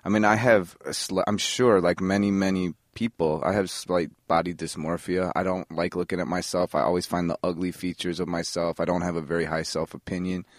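A man from Chicago telling long animated stories as a podcast guest, in a casual interview. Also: deep voice, fairly quick, hardly any pauses, dry recording, clean studio sound. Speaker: actor guest.

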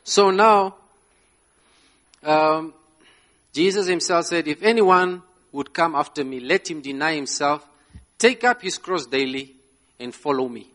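Male preacher, slightly high voice, slow, emphatic delivery with frequent "yeah?" checks. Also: fairly bright tone. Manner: emphatic, repeats "Yeah?" to the congregation; laughs between phrases. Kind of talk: sermon. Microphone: slides shown, speaking to a live congregation.

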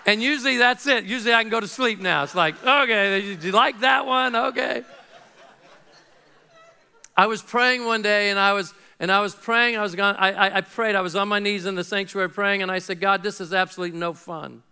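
A middle-aged male pastor delivers a sermon in a conversational, animated way, slipping into quick acted-out exchanges. His voice sits high for a man, bright and smooth, with a clean clear tone.

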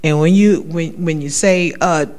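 A woman's voice: sits low, a little slow, darkish tone. A woman giving a spoken testimony in church, talking in an emphatic, repetitive, conversational way.

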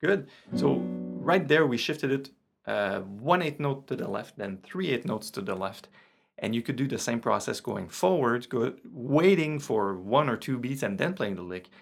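A man teaches guitar in a loose, relaxed way, counting the beats out loud. His voice has a gravelly, creaky edge, and clear guitar playing sits under his words. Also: mid-range voice, normal speed. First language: French. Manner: relaxed, counts beats aloud while explaining. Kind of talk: casual online guitar lesson. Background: his own guitar.

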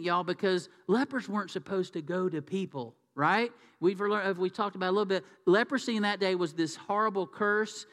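A man's voice: sits high, fairly bright tone. A man preaching a sermon in a conversational, folksy way. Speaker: pastor. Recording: reverberant hall.

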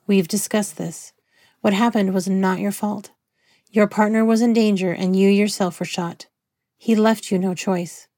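A woman reading the part of a soft-spoken female counselor who speaks gently and patiently. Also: medium pitch, steady tone, unhurried, dry recording, studio quality, close to an everyday voice. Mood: soothing.

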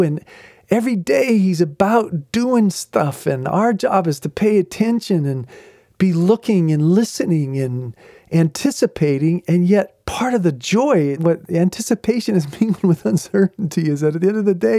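A man hosting a faith podcast, telling stories in an animated way. He chuckles often and acts out what others said. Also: high voice, normal speed, dry recording, studio quality. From New England. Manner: animated, chuckling storyteller who acts out quotes. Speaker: podcast host. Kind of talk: faith-based storytelling talk.

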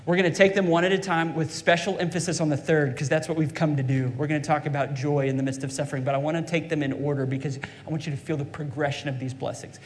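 A man's voice: on the high side, steady tone, fast, few pauses. A man preaching a fervent sermon as pastor, calling out to his congregation. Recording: long hall reverb.

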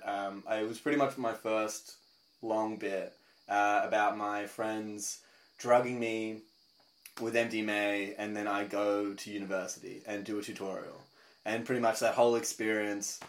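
A young man, a comedian talking as a podcast guest, telling a story in a rambling, animated way. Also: fairly low pitch, moderate pace. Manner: rambling, animated storytelling with laughs and voiced asides. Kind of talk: casual interview chat.

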